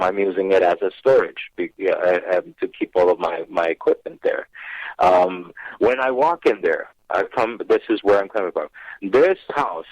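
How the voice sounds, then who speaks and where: A man's voice: deep voice, a little mellow, no room sound. A man calling in to a radio show and telling a personal ghost story, acting out his own remarks along the way. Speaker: caller on a paranormal radio show. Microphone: phone. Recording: dull, dry phone line.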